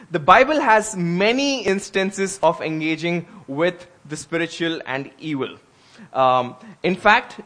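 Earnest male pastor, higher voice. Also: fairly bright tone. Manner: earnest, conversational preaching with emphatic rises. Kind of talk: sermon.

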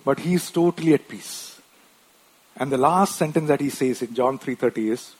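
A man's voice: medium pitch, moderate pace, husky. A man preaching a sermon in a conversational way, often tagging his points with short questions and restarting his sentences. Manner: wife mentioned.

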